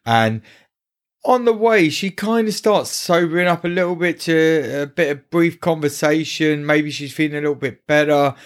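A man's voice: on the high side, normal speed. A man co-hosting a podcast, talking casually and rambling about a film, restarting phrases and acting out quotes. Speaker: podcast co-host.

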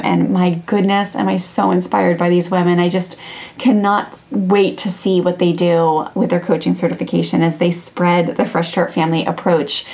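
A woman's voice: on the low side, creaky, darkish tone. A woman in her thirties, a podcast host and parenting coach, telling a personal story in a chatty way, with many fillers and restarts. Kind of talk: casual storytelling monologue.

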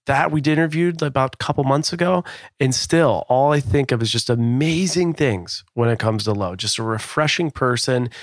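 A man's voice: mid-range voice, dry recording. Male podcast co-host, mid-range voice, easygoing and upbeat, dry studio sound. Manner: enthusiastic, loose and casual, mild swearing. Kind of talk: casual podcast chat.

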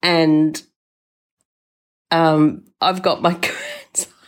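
A woman's voice: low voice, level tone, very slow, clean tone. An older woman hosting a podcast, telling a story in an emotional, rambling way and swearing freely. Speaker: podcast host. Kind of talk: casual storytelling monologue.

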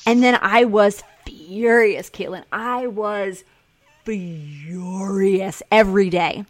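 A woman's voice: mid-range voice, slow pace, no echo. A woman talking candidly in a casual conversation, swearing freely and acting out her own quotes.

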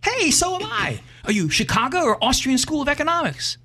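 A man voicing an excitable woman who questions eagerly in a told joke, with a raised, falsetto-like pitch. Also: full character voice. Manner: eager, rapid questioning, sudden yelling. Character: zealous woman libertarian, shrill and excitable.

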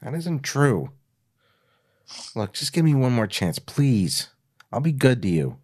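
A man voicing a teary, manipulative young woman who pleads in a raised, breathy voice. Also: medium pitch, very animated, slow, a little mellow. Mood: pleading.

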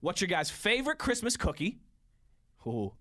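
A man in his thirties co-hosts a sports radio show from the studio, chatting easily and reading out listener tweets. His voice sits high, with a sing-song, pushed, bright quality and a moderate pace.

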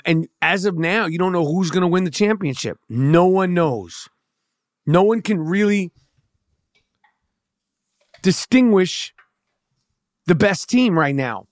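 Slightly high and expressive, a New York-accented man's voice moves a little slowly with long pauses. He's a podcast host on a heated, profanity-laden casual rant full of stammered restarts, and the studio-quality audio has no echo.

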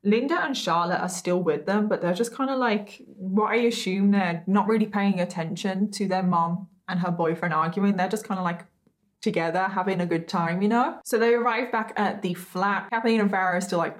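A woman with a mid-range voice hosts a true crime show, walking through the case in a casual, chatty way and often breaking off into giggles and asides.

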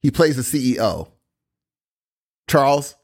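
A man in casual chat about a TV series, excitable, exclaiming often and restarting his sentences. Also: medium pitch, unhurried. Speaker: co-host discussing a TV series.

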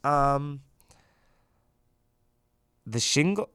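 A woman co-hosting a casual podcast chat, giggly and swearing, swinging between loud bursts and mumbled asides. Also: rumbling low, lively intonation, moderate pace. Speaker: podcast co-host.

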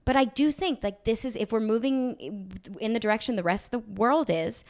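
A young woman from Australia, a guest actress chatting casually in an interview, laughing often and filling pauses with "like" and "um". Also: fairly high pitch.

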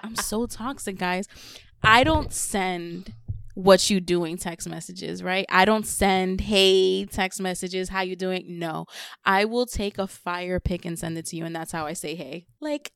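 Her voice is medium in pitch with a fairly bright tone, captured cleanly in the studio without echo. A young woman, likely a podcast co-host or guest, speaks candidly and confessionally in casual chat, repeating words to stress her points.

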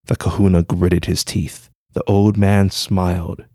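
A man narrating a legend in a measured, solemn storytelling voice. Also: low voice, level tone, warm tone, no room sound, clean studio sound. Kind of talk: scripted narration.

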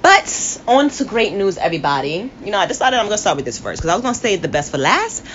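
A woman co-hosting a casual sports podcast, animated and slangy, laughing often. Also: mid-range voice, quick pace. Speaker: podcast co-host. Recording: dull lo-fi audio with faint hiss.

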